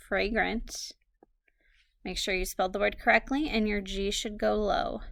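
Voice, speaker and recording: A woman teaching a recorded phonics lesson, slowly dictating words and spelling them out letter by letter. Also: mid-range voice, gravelly, a bit bright, no room sound, clean studio sound.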